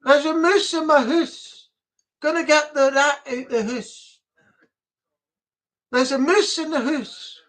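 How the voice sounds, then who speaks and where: A live-stream host putting on a jokey mock-Scottish man, with sing-song, drawn-out vowels. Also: sits high, fairly bright tone, pitched above the performer's own voice. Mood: excited.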